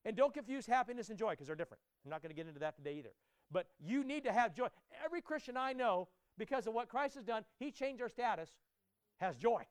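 A male preacher with an unusually high voice delivers a sermon. His tone is smooth and resonant. He talks straight to the congregation, stumbles over repeated words and swells to loud, forceful passages. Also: very animated, quick pace, no room sound. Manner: emphatic, repeats words, builds to loud climaxes. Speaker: pastor.

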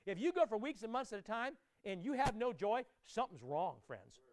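A man preaching a sermon to his congregation, emphatic and direct, often repeating his words and rising to loud climaxes. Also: sits high, very animated, a little fast. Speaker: pastor.

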